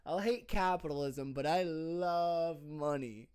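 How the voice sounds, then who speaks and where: A man's voice: a little high, slow, darkish tone, smooth. A young man co-hosting a casual podcast, tipsy, rambling with lots of fillers, restarts and swearing. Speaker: podcast co-host. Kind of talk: casual drunk chat.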